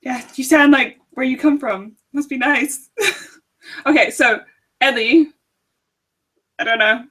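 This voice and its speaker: A woman's voice: high voice, slow pace, long pauses, fairly bright tone. A young woman from South Africa co-hosting a casual book club chat, giggling often as she talks. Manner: giggly, chatty, laughs often.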